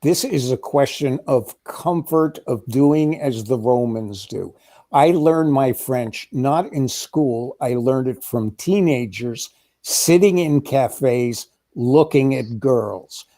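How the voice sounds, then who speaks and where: A man in a casual political chat, talking in a wry, measured, sardonic way. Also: mid-range voice, warm tone. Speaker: co-host.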